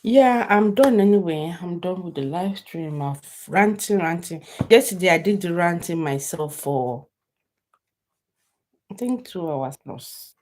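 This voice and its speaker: A woman's voice: fairly low pitch, animated, unhurried, a little mellow. Chatty Nigerian woman on a live stream. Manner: rambling, chatty, laughs often. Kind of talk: casual live stream chat.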